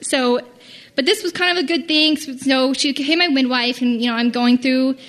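A young woman casually telling a personal story, rambling and acting out the quoted lines with big jumps in pitch. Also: moderate pace, a bit bright.

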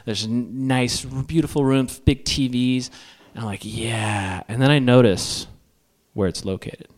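At a moderate pace and medium pitch, a man entertains a live audience with a comic tale. He's lively and self-mocking, giving each character its own voice.

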